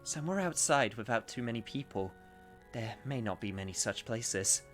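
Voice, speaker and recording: A man quietly reading a composed shogi girl. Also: medium pitch, expressive, faint music behind, lightly acted. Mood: calm. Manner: quiet, measured reading of game dialogue. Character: calm, composed young female shogi player.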